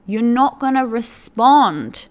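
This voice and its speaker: Smooth-voiced woman rambling on a podcast. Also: fairly high pitch, expressive, slow. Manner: rambling, filler-heavy, with many "like"s and restarts. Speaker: podcast host. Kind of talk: casual podcast monologue.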